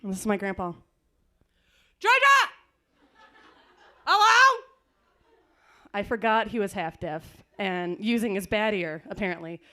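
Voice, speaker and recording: A young woman performing a student stand-up comedy set, playful and jumping into squeaky voices when quoting people. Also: brisk, few pauses. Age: young adult. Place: campus comedy stage with audience.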